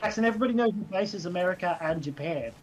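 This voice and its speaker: A young man chatting on a podcast mic, his voice sitting a little high. He teases and jokes his way through casual talk. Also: animated, racing, crowd noise, rough recording. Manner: joking, teasing. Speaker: podcast co-host. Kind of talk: casual chat.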